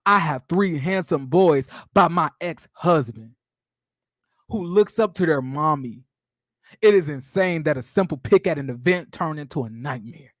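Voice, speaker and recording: A man voicing a cheating husband, reading out a defensive public statement in a deep, mock-serious way. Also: no room sound, clean studio sound.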